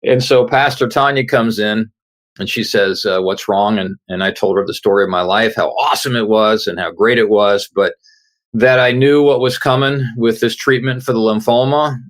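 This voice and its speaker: Speaking at a moderate pace in a medium-pitched voice, a middle-aged male author guests on an interview show. He earnestly recounts a personal story and performs the words of the people in it.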